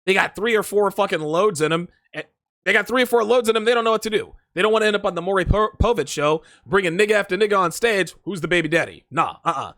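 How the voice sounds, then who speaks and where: A man's voice: high voice, animated, fast talker, fairly bright tone, dry recording, studio quality. Crude, profane male stream host. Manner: emphatic, repeats himself. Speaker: dating advice host. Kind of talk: solo livestream monologue.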